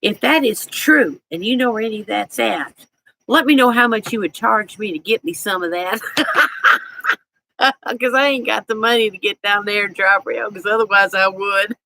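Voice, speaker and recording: A woman's voice: mid-range voice, normal speed, gravelly, sharp tone, poor audio. A woman with a Southern US accent hosting a casual live stream, reading viewer comments in a chatty, folksy way and laughing often.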